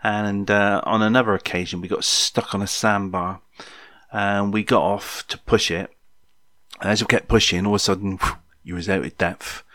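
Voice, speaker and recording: A man in his sixties tells an old story in a loose, chatty way, full of ums and little jokes to the listener. His voice sits on the low side. The sound is dry and close, with no room echo. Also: fairly even intonation, normal speed, fairly bright tone. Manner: rambling and jokey, with frequent ums and asides to listeners. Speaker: podcast storyteller. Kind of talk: casual spoken memoir.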